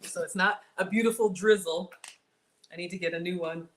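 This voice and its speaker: A woman's voice: lowish voice, steady tone, moderate pace, a little hiss or hum. A woman hosting a casual cooking livestream, chatting with viewers about her food and reading their comments. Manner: chatty, reads viewer comments, says y'all.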